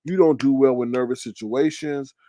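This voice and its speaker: A young man hosting a casual commentary stream, ranting loudly and mockingly to his live chat, swearing often. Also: normal speed. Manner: loud, profane, mocking rant with big pitch swings. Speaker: commentary show host.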